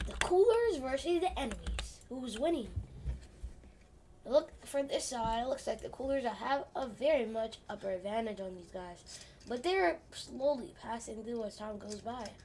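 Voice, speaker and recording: A young woman gaming streamer giving excited live commentary on her game, swearing often and dropping to mutters. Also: on the high side, moderate pace, slight background noise. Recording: keyboard clicks and typing behind voice.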